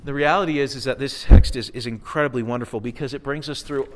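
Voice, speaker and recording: A man's voice: medium pitch, fairly even intonation, fast talker, background noise. A male pastor giving a sermon in a conversational, earnest way, often repeating words for emphasis.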